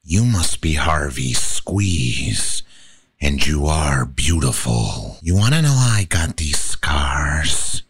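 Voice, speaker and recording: A man's voice: extremely low pitch, big pitch swings, takes it slowly, slightly rough, no room sound, clean studio sound, voice pushed down, heavily acted. Joker, a man doing a purring clown villain. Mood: menacing. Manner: purring, whispered menace. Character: menacing male clown villain, unhinged.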